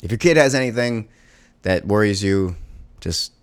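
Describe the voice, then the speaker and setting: A man, a parent of a young child, talking through a personal monologue in a halting, emotional way with many fillers and restarts. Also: on the low side, expressive, clean tone, dry recording.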